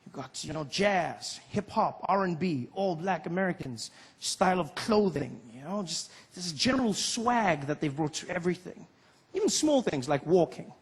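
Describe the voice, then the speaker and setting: A man from Africa, performing a lively stand-up comedy routine and acting out voices. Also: high-pitched, normal speed, slightly rough. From South Africa. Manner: animated, acts out voices and laughs.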